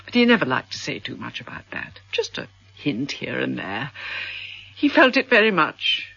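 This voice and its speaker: An actress playing a wealthy middle-aged widow in a radio drama, effusive, melodramatic and sentimental. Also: female voice, sits low, very animated, moderate pace, gravelly, bright, forceful tone, husky, no echo, exaggerated voice. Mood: gushing. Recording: dull lo-fi radio broadcast.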